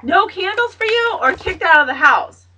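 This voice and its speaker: A woman with a high, bright, sharp-edged voice scolds and lectures her grown child, swearing as she argues. She sounds set back from the microphone, somewhere in a family home. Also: expressive, normal speed, far from the mic, low-quality recording. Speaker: mother. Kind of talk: heated family argument.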